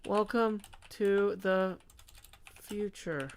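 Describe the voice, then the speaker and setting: A man's voice: high voice, extremely slow. A man live-streaming a game, chatting casually, reading out tips and counting blocks under his breath.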